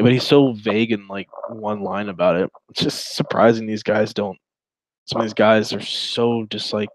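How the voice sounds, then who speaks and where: A man's voice: fairly low pitch, no echo, rough recording. A man co-hosting a casual podcast, rambling and crude as he reacts to chat logs, often trailing off and restarting. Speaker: podcast co-host.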